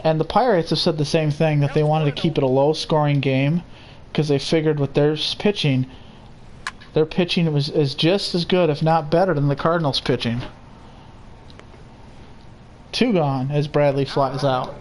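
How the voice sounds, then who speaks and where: A young man calling a baseball game play by play, steady and unhurried, with casual asides. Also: a little high. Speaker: play-by-play commentator. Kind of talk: simulated baseball commentary.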